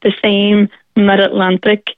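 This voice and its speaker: A woman's voice: medium pitch, monotone, a little slow, dry recording. A forthright woman with a Northern Irish accent speaks earnestly, her voice tinny as it comes down a phone line. The sound is dry, with no room around it. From Derry, Northern Ireland. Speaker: caller. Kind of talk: radio phone-in chat.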